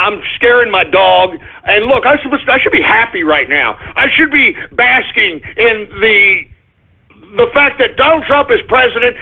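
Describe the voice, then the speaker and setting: A man hosting his own radio show, ranting in an agitated way, repeating himself and breaking into shouts. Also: very high voice, breathy edge. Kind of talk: ranting call-in radio monologue. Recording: phone-line quality broadcast.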